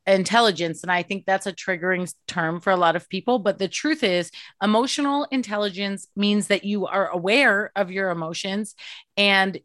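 Woman, forties, frank and animated podcast talker, dead-dry close mic. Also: dry recording. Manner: expressive, swears freely, mimics herself with big pitch jumps. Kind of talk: candid casual chat.

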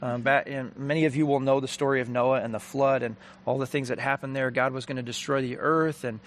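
A man's voice: medium pitch, steady tone, a little fast. A man giving an earnest, conversational faith talk, telling a story and applying it.

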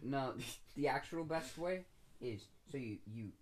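A man's voice: mid-range voice, animated, measured pace, a little hiss or hum, low-quality recording. A young man co-hosting a podcast, joking crudely and laughing often in casual chat. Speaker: podcast co-host.

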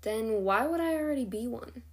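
A woman's voice: on the high side, expressive, moderate pace. Woman doing a curious young girl.

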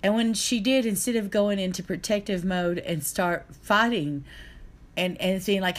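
A woman's voice: medium pitch, a little slow. A middle-aged woman, telling a painful story in an earnest, aggrieved way. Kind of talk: casual chat.

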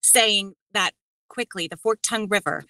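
Bright-voiced Texan woman, halting. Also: medium pitch, dry recording. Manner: halting, laughing, many restarts. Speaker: audiobook narrator. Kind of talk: casual group interview.

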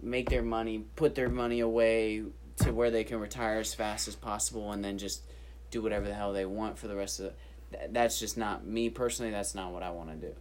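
A man's voice: lowish voice, fairly even intonation, a little fast, a little mellow, slight background noise. A man co-hosting a casual chat, laid-back and repeating words as he gets going. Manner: laid-back, repeats himself when starting a thought. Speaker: podcast co-host.

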